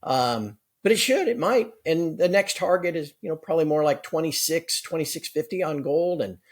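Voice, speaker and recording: A man speaking as a guest analyst in a conversational interview, brisk and explanatory. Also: fairly high pitch, expressive. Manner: brisk, explanatory, with occasional laughs.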